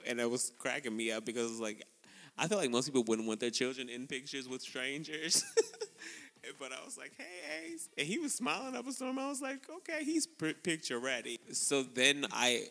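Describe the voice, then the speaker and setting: A man co-hosting a podcast, telling a story in casual chat, laughing often and acting out quotes in a high voice. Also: sharp tone, long reverb tail. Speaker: podcast co-host.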